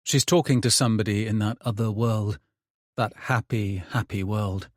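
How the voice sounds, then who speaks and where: A man's voice: fairly low pitch, steady tone, moderate pace, no echo. A man narrating a first-person thriller audiobook in a weary, bitter tone, recorded on a close studio mic.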